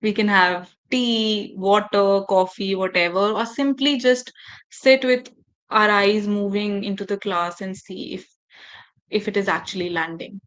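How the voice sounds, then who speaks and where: A woman running a workshop for teachers, speaking in a measured, deliberate way with emphatic pauses and direct instructions to her audience. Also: mid-range voice, fairly even intonation, fairly bright tone, low-quality recording. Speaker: faculty development trainer.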